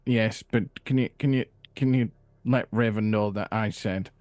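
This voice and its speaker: A man playing a tabletop game, speaking in a halting way and repeating words. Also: lowish voice, fairly even intonation, a little mellow. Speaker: player. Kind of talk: tabletop role-play.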